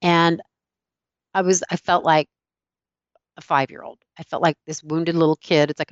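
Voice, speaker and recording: A middle-aged woman giving a self-help talk, calmly telling a personal story and acting out the dialogue in it. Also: fairly low pitch, a little fast, no echo, lo-fi sound. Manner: calm storytelling with quoted dialogue. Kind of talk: reflective personal teaching talk.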